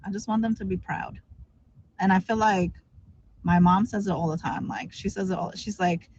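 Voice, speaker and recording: A woman's voice: medium pitch, fairly even intonation, normal speed, darkish tone, highs cut off. A woman guest chatting casually, upbeat and encouraging, with many "like" fillers. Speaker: guest streamer. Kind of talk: casual chat.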